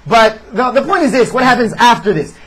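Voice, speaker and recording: A man reviewing a wrestling show in casual chat, sarcastic and animated as he recaps. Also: extremely high pitch, a little fast, husky, rough recording.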